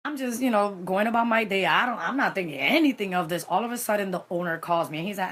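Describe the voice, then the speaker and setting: Woman, casual storytime vlogger, dramatic delivery, code-switching, mid-pitched. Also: fast talker, few pauses. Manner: animated, dramatic, mixes in Spanish phrases.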